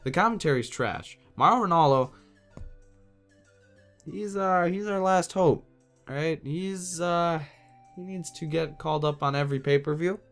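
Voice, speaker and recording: A man's voice: fairly high pitch, unhurried, pauses often, soft background music. A man hosting his own podcast, ranting in an exasperated, casual, slangy way. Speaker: podcast host. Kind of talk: solo wrestling podcast rant.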